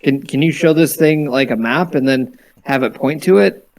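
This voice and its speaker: A man's voice: medium pitch, moderate pace, darkish tone, low-quality recording. A man playing a tabletop role-playing game, stammering and repeating himself. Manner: hesitant, stammering, repeats words. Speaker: player.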